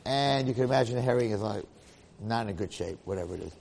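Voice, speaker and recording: A man giving a Torah lecture, telling a parable in an animated way and acting out the characters' lines. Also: fairly low pitch, fast, creaky, in a large hall, slight background noise. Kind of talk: storytelling lecture.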